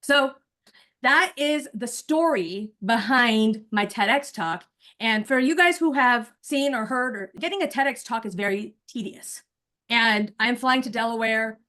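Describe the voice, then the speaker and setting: A woman in her forties, a nurse coach, chatting in an animated way straight to her listeners on a video call before rehearsing a speech. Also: on the high side, unhurried. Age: 40s. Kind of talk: casual chat, then rehearsing a speech.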